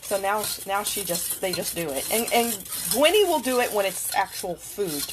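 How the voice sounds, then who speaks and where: Dishes, cutlery and stirring clatter loudly behind a woman's mid-range, sing-song voice as she cooks in her home kitchen. The channel host keeps a moderate pace, chatting casually, laughing frequently and cooing at her cats for her cooking vlog.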